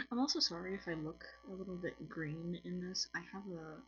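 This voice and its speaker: A language teacher records a casual lesson to camera for her channel in a home room with colored lights. She is a tired woman with a French accent whose low-side voice is very animated at a moderate pace, and the sound is lo-fi. Chatty and apologetic, she keeps restarting her sentences.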